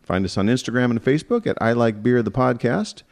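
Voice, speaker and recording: A man's voice: mid-range voice, lively intonation, fairly quick, a little mellow. A man hosting a casual beer podcast in an easygoing way, laughing often between lines. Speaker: podcast host.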